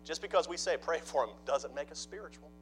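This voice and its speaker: A man preaching a sermon, dropping to hushed mock-gossip asides and then rising into loud, emphatic preaching. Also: a little high, fast talker, faint music behind, low-quality recording. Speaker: pastor.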